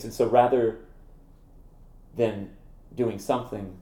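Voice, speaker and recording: A middle-aged man with a low, warm voice tells stories in an interview, acting out the lines of the people in them and laughing at his own mistakes. He talks like a ministry founder addressing churches, and the room around him sounds echoey. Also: vocal fry. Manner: animated, acts out quoted voices, laughs at himself. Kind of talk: conversational interview storytelling.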